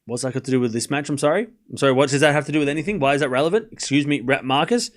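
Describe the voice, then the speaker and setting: A man hosting a live tennis watchalong, calling the score and chatting casually with his viewers. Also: mid-range voice. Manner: chatty, talks straight to his live chat, with quick asides and restarts.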